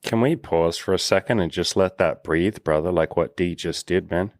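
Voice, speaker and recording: Deep-voiced earnest man, dry close sound. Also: dry recording. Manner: earnest, affirming, measured. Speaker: dating coach and host. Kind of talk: casual podcast conversation.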